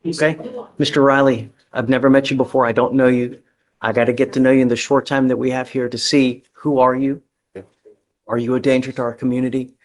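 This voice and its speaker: A man's voice: mid-range voice, little pitch movement, a little fast. A man speaking as a criminal court judge at a bail hearing, blunt and direct as he lectures the defendant in a courtroom.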